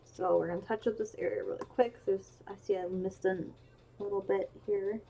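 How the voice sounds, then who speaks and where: A woman's voice: mid-range voice, fairly even intonation, normal speed, creaky, warm tone, slightly rough, dull audio, faint music behind. A woman streamer chatting casually while she draws, rambling along with lots of ums and restarts. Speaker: streamer drawing emotes. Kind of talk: casual chat while drawing.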